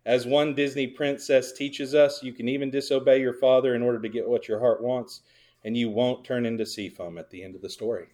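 A male pastor preaches a sermon in a brisk, mid-range voice with fairly even intonation. He's sarcastic, peppering the congregation with rhetorical questions and swinging suddenly from loud emphasis to quiet asides.

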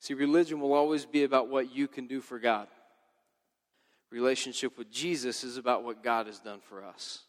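A male pastor preaching a sermon in a casual, joking, lively way. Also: mid-range voice, normal speed, in a large hall.

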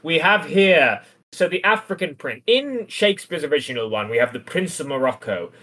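A man's voice: a little high, big pitch swings, normal speed, pushed and bright. A man co-hosting a podcast, casually and wryly analyzing a comic adaptation. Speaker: podcast co-host.

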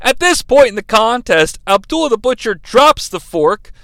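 Bright, crisp-voiced sarcastic man. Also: very high voice, very animated, a little slow, no echo. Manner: sarcastic, profane, wry asides. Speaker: host reviewing wrestling matches. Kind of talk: comedic play-by-play commentary.

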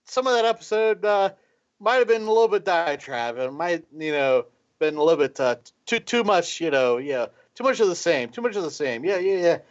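A man's voice: fairly high pitch, expressive, fairly quick, muffled recording. A man co-hosting a podcast, rambling and tipsy, stumbling over repeated words in casual chat. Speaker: podcast co-host, guest.

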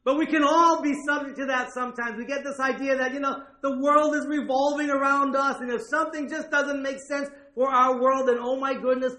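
A man's voice: very high voice, steady tone, a little fast, hardly any pauses, sharp tone, roomy sound. A male pastor preaching a sermon in a conversational way, with frequent asides and check-ins with his listeners.

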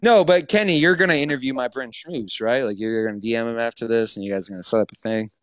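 A man's voice: mid-range voice, fast talker. A man hosting a casual livestream chat, teasing and ranting in mock outrage and swearing freely. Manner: playfully indignant, ranting, swearing. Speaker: stream host.

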